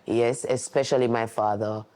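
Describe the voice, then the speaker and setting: A man, voicing a deaf guest's signed story in the first person, earnest and steady. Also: mid-range voice, moderate pace. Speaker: sign language interpreter.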